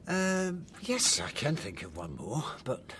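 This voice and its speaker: A hesitant young screenwriter. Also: male voice, on the high side, huge pitch swings, slow pace, fairly bright tone, slight background noise, heavily acted. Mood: polite. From English Midlands. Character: modest young male screenwriter interviewing an older woman. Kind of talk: radio drama acting.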